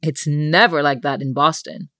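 A woman with a low voice reads a comic story aloud as an audiobook. Her delivery is wry and deadpan, and the sound is dry and close to the mic. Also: moderate pace, no echo. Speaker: narrator.

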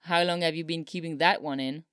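Brief: woman reads a male aide, patient and teasing, smooth low voice, dry sound. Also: steady tone, a little fast, dry recording, lightly acted. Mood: amused. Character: male political aide, brisk and amused.

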